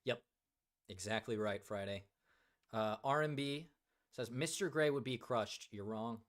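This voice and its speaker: A man's voice: medium pitch, unhurried. Joking male livestream host. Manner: joking, reads chat aloud, many fillers. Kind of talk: casual livestream chat.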